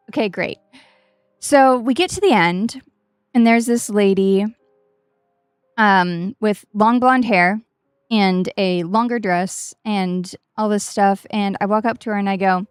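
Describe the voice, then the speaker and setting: A woman's voice: mid-range voice, a little slow, smooth, no echo, studio quality, soft background music. A woman streamer telling a story casually while gaming, chatty and self-mocking, swearing freely.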